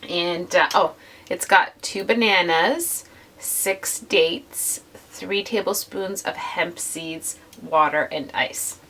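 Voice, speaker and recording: A woman's voice: lowish voice, slow pace, fairly bright tone, distant mic. A woman with a slightly nasal voice from a cold, chatting casually to viewers while she works on a scrapbook page. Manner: chatty and gushing, addresses viewers directly. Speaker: scrapbooking vlogger. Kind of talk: casual craft process narration.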